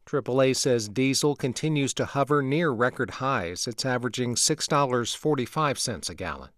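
A man's voice: mid-range voice, no echo. Man reading radio news in a dry studio. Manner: measured, even news delivery. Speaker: newscaster. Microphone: studio microphone.

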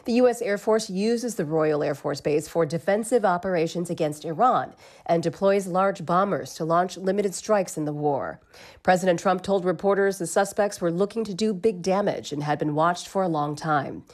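A woman correspondent reading a scripted radio news report in a crisp, measured way. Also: on the low side, a little mellow.

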